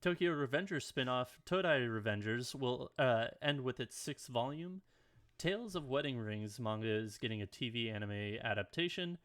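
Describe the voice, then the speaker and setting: A man reading anime news on a casual podcast, his voice sitting at an ordinary middle pitch. He moves from headline to headline and drops blunt, profane asides in between. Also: animated, moderate pace, a bit bright. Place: home, dog at his chair.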